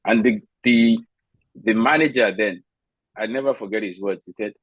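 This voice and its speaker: A man's voice: on the low side, normal speed, no echo, highs cut off. A man from Nigeria on a video call, telling stories from his own life and giving firm, candid advice. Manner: emphatic, candid storyteller, gives firm advice.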